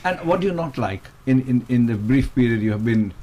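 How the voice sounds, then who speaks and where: A man's voice: medium pitch, expressive, fairly quick, highs cut off, heavy background noise. A man hosting a radio chat show, asking questions and cracking jokes. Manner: jokey, laughing interviewer. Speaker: radio host. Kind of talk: casual chat.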